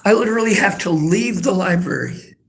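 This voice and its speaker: A man's voice: high voice, animated, moderate pace. A worked-up man streaming from a library, repeating himself in an angry, profane rant at his chat. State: agitated, worked up.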